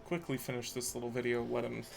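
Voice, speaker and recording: Stressed streamer man with a gravelly voice. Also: mid-range voice, level tone, fast, slight background noise. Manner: mutters to himself, swears often, frustrated. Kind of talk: live-stream talk while building a handheld console. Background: faint background music.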